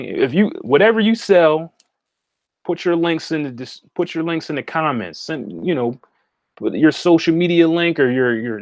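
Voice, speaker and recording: This is a man, a spiritual consultant, running a relaxed livestream out of his home meditation room. He talks straight to the audience in a direct, repetitive way, often checking in with "okay?", and his voice leans high on a dry, studio-quality recording.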